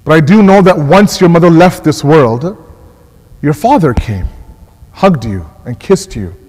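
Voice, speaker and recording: High-voiced man giving a mournful sermon. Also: lively intonation, a little mellow, long reverb tail, rough recording. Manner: impassioned, repeats words, slows for emphasis. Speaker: religious scholar. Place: mosque hall.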